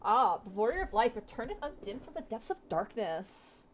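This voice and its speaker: A woman's voice: medium pitch, lively intonation, moderate pace, darkish tone, a little hiss or hum, close to an everyday voice, low-quality recording. Urianger, a woman putting on a valley-girl lilt. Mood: grandly formal. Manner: mock valley-girl lilt on old-fashioned speech. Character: archaic-speaking male scholar, grandly formal. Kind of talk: reading game dialogue aloud.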